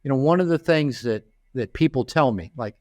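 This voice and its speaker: An older man, a therapist and author, telling stories in a relaxed interview and acting out the voices of the people in them, often repeating and restarting words. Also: medium pitch, moderate pace, no room sound, studio quality. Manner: animated storyteller acting out quoted voices, frequent repeats and restarts. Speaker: therapist and author, podcast guest. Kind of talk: conversational storytelling interview.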